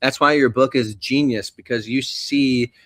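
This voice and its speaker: A man's voice: medium pitch, fairly even intonation, unhurried, a bit bright, no room sound, studio quality. A man hosting a casual, profane chat who jokes loosely and acts out the people he quotes.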